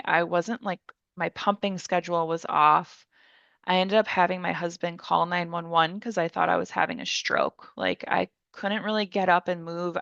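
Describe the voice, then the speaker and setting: A woman's voice: fairly low pitch, vocal fry, fairly bright tone, smooth, no room sound, dull audio. A young woman telling her own story casually, rambling with many fillers and acting out what people said. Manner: rambling, heavy use of "like", acts out her own quotes. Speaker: podcast guest.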